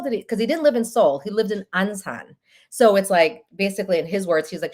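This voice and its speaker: A woman hosting a live stream show, telling stories in a chatty, animated way. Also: medium pitch, brisk. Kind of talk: casual live-stream chat.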